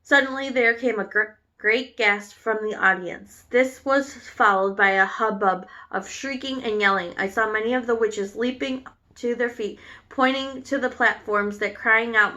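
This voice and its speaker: Woman teacher, story read-aloud for class, bright voice, occasional stumbles. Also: fairly high pitch, fairly even intonation, normal speed. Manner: unpolished reading with restarts on words. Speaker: teacher reading aloud to students. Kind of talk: reading a children's novel aloud.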